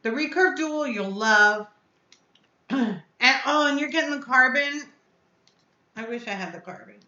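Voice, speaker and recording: A woman's voice: high-pitched, animated, unhurried, pushed and bright, reverberant, lo-fi sound. A woman hosting a casual live stream, chatting effusively and answering her viewers' comments aloud. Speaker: vape reviewer hosting a live chat.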